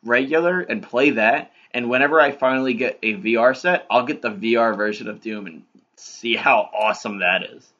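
A man chatting casually as a podcast co-host, relaxed with hesitant starts. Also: mid-range voice, moderate pace, lo-fi sound. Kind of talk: casual chat.

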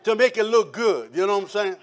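A man preaching from the pulpit, his voice sitting very high. He tells his testimony with animated energy, acting out the people he quotes. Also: fast talker, a faint crowd. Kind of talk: sermon testimony.

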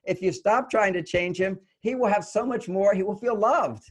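A man's voice: high-pitched, normal speed. An older man, a relationship author being interviewed, explaining earnestly and briefly acting out the voices of the people he quotes. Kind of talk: conversational interview.

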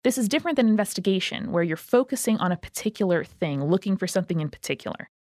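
A woman playing a tabletop game, cheerfully explaining the rules clearly. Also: medium pitch, expressive, fast talker, darkish tone, no room sound, studio quality. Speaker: player. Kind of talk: casual chat.

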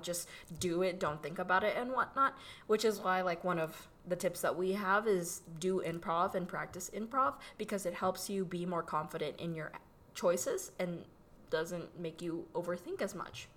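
Bright-voiced woman with a slight Filipino lilt. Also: lowish voice. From Philippines. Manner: chatty, playful, quick to laugh. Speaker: podcast co-host. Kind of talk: casual chat.

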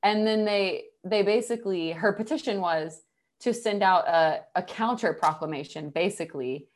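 A woman's voice: mid-range voice, moderate pace. A woman co-hosting a podcast, chatty and enthusiastic, saying "like" often. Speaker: podcast co-host. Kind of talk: casual podcast chat.

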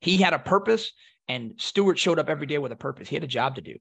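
A man, a Marine veteran guest, telling a personal story in a reflective, halting way with many restarts. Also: a little high, animated, creaky, breathy edge. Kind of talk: emotional storytelling.

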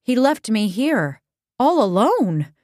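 A woman voicing a prim, pampered young woman detective who breaks into shrill, indignant outbursts. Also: animated, moderate pace, fairly bright tone, no echo, studio quality. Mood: fretful.

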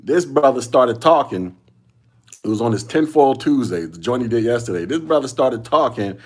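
Man, podcast host, casual solo commentary, slangy, repeats himself, chuckles, mid-pitched voice. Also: lively intonation, moderate pace, darkish tone, slightly rough.

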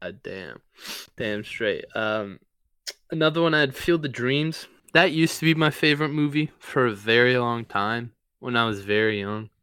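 A man's voice: mid-range voice, animated, moderate pace, pushed and bright, clear, resonant tone, no echo. A man co-hosting a podcast, chatting casually and loosely about his favorite sports movies. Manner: loose and conversational, ranking favorites with easygoing asides. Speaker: podcast co-host.

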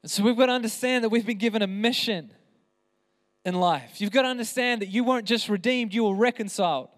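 A man's voice: high voice, fast. A man preaching an impassioned sermon as pastor, with emphatic repeated phrases. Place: church hall. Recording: reverberant hall.

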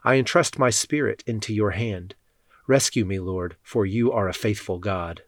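A man reading Bible passages aloud in a measured, solemn way. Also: fairly low pitch, no echo, studio quality. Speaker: scripture reader.

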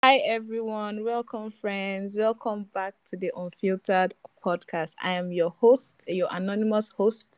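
A woman's voice: mid-range voice, steady tone, measured pace, hardly any pauses, no echo, soft background music. A young woman hosting a casual podcast, playful and teasing, laughing easily with her guest. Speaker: podcast host.

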